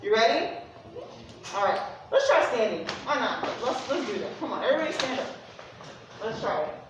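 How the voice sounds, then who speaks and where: A woman's voice: on the high side, big pitch swings, normal speed. A woman music teacher leading a class through a rhythm exercise, counting off beats and cheering the students on. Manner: counts off beats, upbeat and encouraging. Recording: echoey room from far off, noisy.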